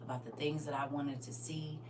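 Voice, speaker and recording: A middle-aged woman preaching through funny stories, chatting directly with the crowd and now and then bursting out loudly. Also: deep voice, brisk. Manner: lively and chatty, teasing the crowd directly, sudden loud outbursts. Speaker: speaker at a live church gathering. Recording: far-off mic with faint hum.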